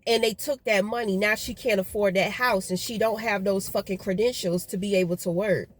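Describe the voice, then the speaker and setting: A woman's voice: mid-range voice, steady tone, brisk. A woman venting in a casual vlog outdoors, frustrated and rambling, swearing often. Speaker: vlogger.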